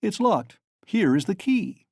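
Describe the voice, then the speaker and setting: Male reader as a good-humored, ironic examining lawyer, mocking, mellow and gravelly. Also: sits high, very animated, unhurried, no echo, studio quality, pitched above the performer's own voice, exaggerated voice.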